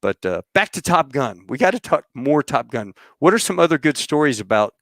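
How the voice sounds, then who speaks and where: A middle-aged man hosting a podcast, telling rambling, animated stories about flying and acting out what others said. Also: a little high, a little fast, no room sound, studio quality. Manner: rambling, animated storyteller who acts out quotes. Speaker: podcast host. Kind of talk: casual storytelling chat.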